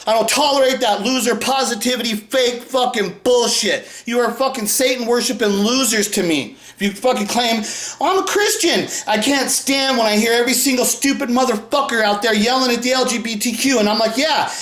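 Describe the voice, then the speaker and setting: A man's voice: very high-pitched, steady tone, brisk, few pauses. Furious, profane man ranting in an echoey room. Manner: aggressive, profane, shouting bursts. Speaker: commentary video creator. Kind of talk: angry profane rant.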